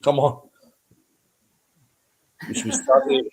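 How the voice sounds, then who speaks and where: A man's voice: medium pitch, fairly even intonation, slow pace, warm tone, husky. A man in a casual stream chat, mocking and swearing, often laughing.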